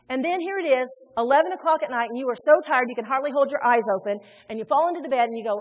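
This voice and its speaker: A woman pastor preaching a sermon in a large church, animated and conversational, acting out little quotes as she goes. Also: high voice, racing, hardly any pauses. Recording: reverberant hall with faint music.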